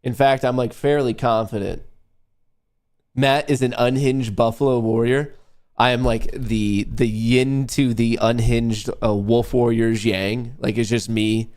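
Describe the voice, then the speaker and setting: A man hosts a live trading stream, chatting casually as he trades in a rambling, profane way. His nasal voice sits at medium pitch, a little slow and a little mellow, with fairly even intonation.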